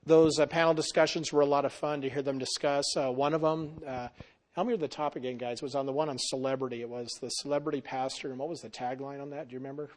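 A man's voice: mid-range voice, fairly even intonation, fast talker. A male pastor telling a story to a small group in a mid-range voice. He rambles along with plenty of fillers, false starts and asides. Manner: rambling, with many fillers and restarts. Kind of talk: storytelling in casual group talk.

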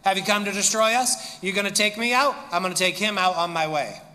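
A man doing a brash demon that trash-talks and threatens, its voice pitched up high and bright-edged. The taunts ring out with a long echo through a big hall. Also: wildly swooping pitch, slow pace, creaky, exaggerated voice. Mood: taunting. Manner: smack-talking, threatening.

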